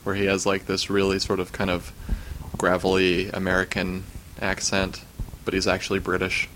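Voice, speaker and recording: Low-voiced man chatting on a podcast. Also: monotone, moderate pace, fairly bright tone, slight background noise. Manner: storytelling, easygoing with fillers. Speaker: podcast co-host. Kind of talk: casual chat.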